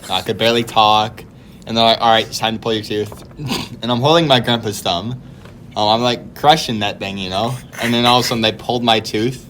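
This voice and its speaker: A man on a podcast, telling childhood stories in a casual, animated way and laughing as he goes. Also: lowish voice, brisk, slight background noise. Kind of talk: casual storytelling chat.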